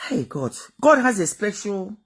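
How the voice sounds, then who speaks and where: A woman's voice: medium pitch, very animated, unhurried, fairly bright tone, husky. A woman giving a motivational talk, emphatic and repetitive, full of rhetorical questions. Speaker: motivational speaker.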